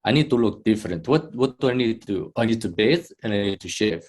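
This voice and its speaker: A man voicing an ageless vampire Rasputin musing fussily about a new identity. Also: on the low side, lively intonation, fast, darkish tone.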